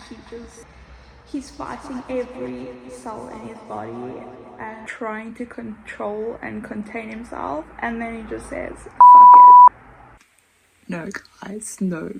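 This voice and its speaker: A woman talking casually in a reading vlog at home, emotional, swinging between hushed whispers and excited outbursts. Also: medium pitch, gravelly, slightly rough, low-quality recording. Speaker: book vlogger.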